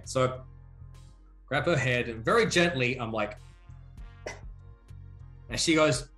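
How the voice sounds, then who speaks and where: A man who is a singer and former wrestler, telling stories as an interview guest in a theatrical way and breaking into loud shouted calls, heard over a video call. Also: medium pitch, measured pace, pauses often, echoey room, soft background music. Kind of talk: animated storytelling in an interview.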